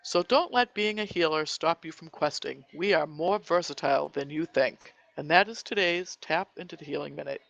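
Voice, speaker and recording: A man's voice: fairly high pitch, moderate pace, vocal fry, hardly any pauses, a bit bright. A man presenting a scripted healing tips segment on a gaming podcast, reading in a friendly way with small hesitations. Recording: dull lo-fi recording.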